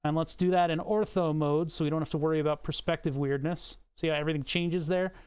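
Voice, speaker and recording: A man's voice: a little high, steady tone, fast, smooth. A man hosts a casual livestream, narrating his work at the desk with a slightly raised voice. He rambles, pokes fun at himself and trades jokes with the chat between steps. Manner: rambling, joking asides to chat, self-mocking. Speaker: streamer.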